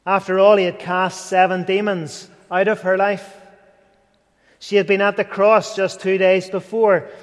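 A man's voice: high voice, flat delivery, measured pace. A man preaching an earnest sermon, rising to fervent and dropping to near whispers. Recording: long hall reverb.

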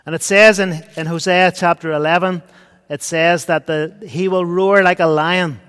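A man preaching a sermon, earnest, swinging between loud and hushed. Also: high voice, steady tone, normal speed, clean tone. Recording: long hall reverb.

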